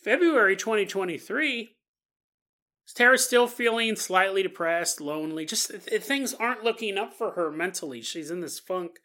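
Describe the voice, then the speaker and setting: A woman co-hosting a podcast, telling a story in a loose, chatty way. She breaks in with joking asides. Her voice is bright and forceful, at a middling pitch. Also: lively intonation, moderate pace. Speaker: podcast co-host. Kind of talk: casual storytelling.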